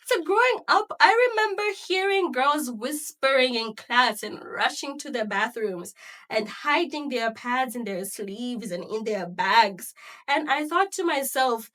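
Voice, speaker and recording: A young woman from Zambia talks through a personal story on her solo podcast. Her voice sits high and bright in pitch. She is chatty and animated and breaks into laughter often. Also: moderate pace. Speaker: podcast host.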